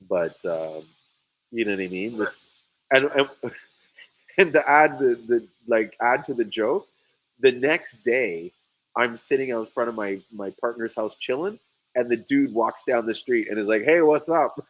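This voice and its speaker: A man's voice: mid-range voice, measured pace, dry recording, poor audio. A man in casual storytelling mode, full of energy, his voice jumping up sharply whenever he acts out what someone said. He laughs a lot as he talks. The sound is dry and close. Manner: animated storyteller, voices quotes loudly, laughs often. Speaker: sea moss farmer and podcast host.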